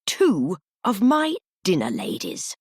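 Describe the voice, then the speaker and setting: A woman voicing a stern male headmaster who speaks slowly and quietly, barely holding back his anger. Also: mid-range voice, wildly swooping pitch, slightly rough, no room sound, clean studio sound, pitched above the performer's own voice, exaggerated voice. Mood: restrained fury. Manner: slow, quiet, barely restrained fury.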